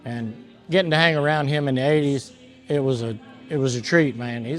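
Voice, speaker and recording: A man's voice: medium pitch, moderate pace. A man from Washington, D.C., a truck driver and longtime fan, speaking in an admiring, emphatic way and repeating himself. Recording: faint music behind.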